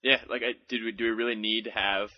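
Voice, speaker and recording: A man co-hosting a casual podcast, wry and animated, often putting on mocking quotes. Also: on the low side, fast talker, muffled recording. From Ontario. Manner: wry, animated mock quoting. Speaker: podcast co-host. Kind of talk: casual chat.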